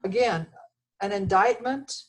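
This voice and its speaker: A woman's voice: medium pitch, slow, low-quality recording. A woman from Texas, reading constitutional text aloud and commenting on it in a plainspoken, emphatic way with frequent fillers. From Texas, USA. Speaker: presenter on the Bill of Rights.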